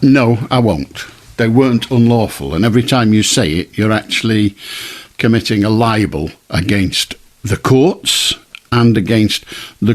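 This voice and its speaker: A man hosting a late-night radio phone-in, firm and chatty, talking plainly to callers and musing aloud. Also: fairly low pitch.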